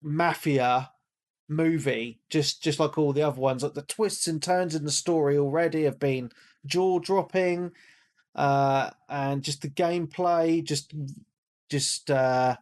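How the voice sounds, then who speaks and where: A man co-hosting a gaming podcast in casual chat, rambling and repeating himself, hoarse as he loses his voice. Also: a little high, fairly even intonation, takes it slowly, darkish tone. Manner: rambling, repeats words, calls himself a big nerd. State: losing his voice, coughing. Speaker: podcast co-host.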